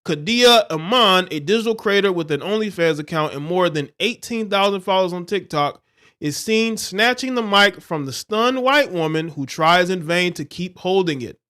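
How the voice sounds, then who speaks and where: Male livestream host, high-pitched, reads the news then rants with contempt, preachy and insulting. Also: expressive, moderate pace, bright, forceful tone. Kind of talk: reading news and ranting commentary.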